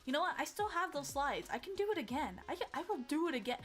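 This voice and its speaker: A young woman streaming casually, excitable and giggly, with lots of fillers and restarts. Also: high-pitched, quick pace, soft background music. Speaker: VTuber streamer. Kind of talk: casual livestream chat.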